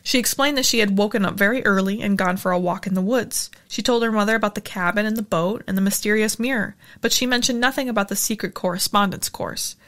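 A woman narrating a novel in a steady storytelling manner, as a regular audiobook reader. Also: medium pitch, fast, hardly any pauses. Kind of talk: reading a novel aloud.

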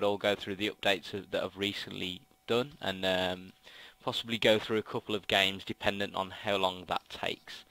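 A young Brummie man talks through a football management game in a low voice with a bright, forceful edge. He rambles and stacks up ums and restarts, speaking into a headset mic in a dry, close-sounding space. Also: dry recording, low-quality recording. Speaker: gaming commentator. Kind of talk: casual game commentary. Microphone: gaming headset mic.

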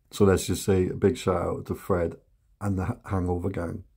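A man's voice: low voice, little pitch movement, moderate pace, vocal fry, mellow, husky. A British man hosting a reaction channel, chatting casually with lots of ums and frequent laughter.

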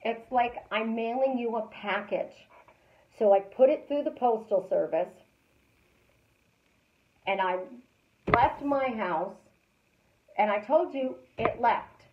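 A woman hosting a live stream as a life coach, talking casually and repeating calm affirmations in a chatty, storytelling way. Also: fairly high pitch, slow, long pauses, reverberant, highs cut off.

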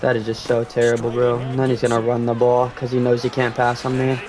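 A young man giving live commentary on his own video game, talking casually, swearing, and yelling at big plays. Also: medium pitch, completely flat delivery, fast talker. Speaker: gaming streamer.

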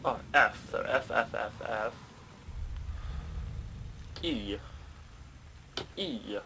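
A man's voice: on the low side, extremely slow, creaky, background noise. A young man commentating a horror game as he plays it, jumpy, swearing and talking to himself and the game. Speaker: gaming channel host.

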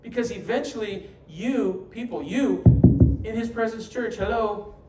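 Man preaching, high voice, humorous storytelling, roomy church echo, mic at a distance. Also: measured pace, heavy background noise. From New York. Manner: storytelling, humorous asides, acts out quoted voices. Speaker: pastor. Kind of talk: sermon. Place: church sanctuary. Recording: echoey church hall, mic from a distance, faint ambience.

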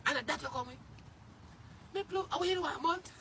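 A man with a Jamaican accent in an angry livestream rant, cursing loudly and often shouting. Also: very high-pitched, expressive, a little slow, vocal fry, pauses often, background noise. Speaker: social media personality.

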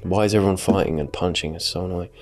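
A man's voice: low voice, fairly even intonation, quick pace, a little mellow. A young man giving joking, sarcastic commentary while playing a mobile game. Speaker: gaming YouTuber. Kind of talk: comedic let's-play commentary.

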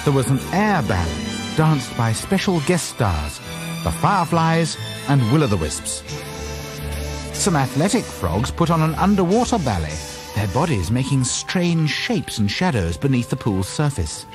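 Lively male storybook narrator. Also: medium pitch, a little slow. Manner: lively, expressive read-aloud delivery. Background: background music.

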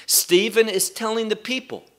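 A man teaching a Bible study lesson, speaking deliberately with emphatic pauses. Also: sits high, steady tone, a bit bright.

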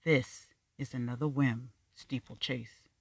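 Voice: mid-range voice, fairly even intonation, slow pace, gravelly, husky, no room sound, full character voice. A reader voicing a pitiless, skeptical Black man. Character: stern, pitiless older Black man with a knife. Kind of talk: audiobook dialogue reading.

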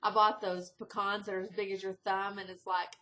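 Bright, chatty woman vlogger. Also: brisk. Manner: rambling, talkative, with bursts of high excited exclamation. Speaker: diet vlogger. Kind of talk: casual chatty video diary. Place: indoors at home.

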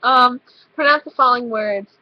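A teenage girl with a high voice chats casually with a friend, giggly and offhand as she runs through a list of words. Her voice comes through dull, lo-fi webcam audio. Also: normal speed, dry recording. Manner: giggly, offhand, reads word lists aloud. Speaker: vlogger.

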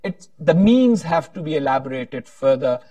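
A man's voice: fairly high pitch, lively intonation, moderate pace, mellow, no room sound, distant mic. A man moderating a panel discussion, talking in a rambling, hesitant way with frequent restarts.

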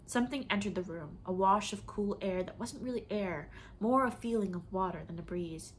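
A woman reading a novel aloud in measured, expressive storybook narration. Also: medium pitch, a little hiss or hum. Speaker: audiobook reader.

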